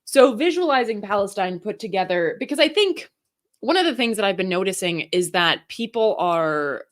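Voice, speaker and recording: A woman's voice: mid-range voice, lively intonation, normal speed. A woman co-hosting a live political show, chatting casually and explaining things wryly. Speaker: co-host.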